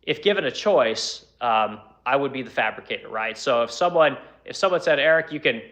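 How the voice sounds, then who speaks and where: A middle-aged furniture maker from the United States answering viewer questions in a rambling, blunt way, swearing and filling pauses with "you know.". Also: male voice, mid-range voice, lively intonation, a bit bright. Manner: rambling, profane, lots of fillers like "you know". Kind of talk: casual Q&A talk.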